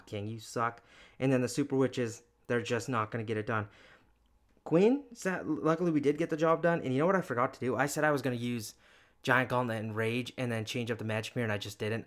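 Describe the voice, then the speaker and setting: A man giving chatty, excitable commentary over his own strategy game replay, poking fun at his own mistakes. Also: mid-range voice. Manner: excitable, chatty, self-mocking. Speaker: gaming YouTuber.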